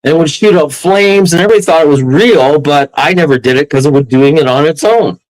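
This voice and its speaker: A Canadian man telling a wild story as an interview guest, rambling and excitable, often breaking into laughs. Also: on the high side, quick pace, low-quality recording.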